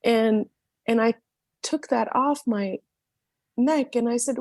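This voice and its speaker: A woman's voice: fairly high pitch, slow pace, pauses often, darkish tone, no echo. A woman sharing an emotional personal story at an online book reading, heartfelt and candid. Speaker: book club participant.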